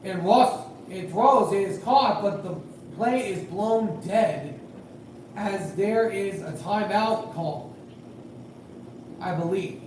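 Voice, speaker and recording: A man calling a game live in casual play-by-play, rambling and hedging with fillers, growing excited on big plays. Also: sits high, slow. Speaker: amateur game commentator and high school official. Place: at home at night. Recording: very echoey room, distant mic, faint noise.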